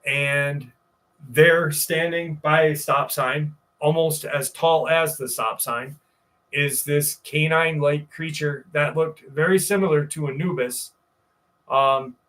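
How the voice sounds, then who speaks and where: Guy from new york, kinda high voice, loose rambling swear-y storytelling on a live stream. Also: fairly bright tone. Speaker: show host. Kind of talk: casual storytelling to a live chat.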